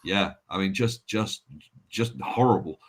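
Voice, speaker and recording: A man's voice: fairly low pitch, measured pace, noisy background. A man who is a guest on a casual chat, blunt and sardonic, and he swears freely.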